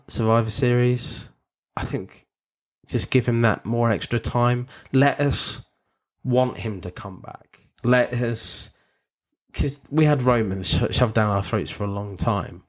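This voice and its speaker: A man's voice: medium pitch, fairly even intonation, takes it slowly. A man co-hosting a casual podcast chat, talking loosely with frequent laughs and restarts. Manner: chatty, laughs often, trails off into restarts. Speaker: podcast co-host.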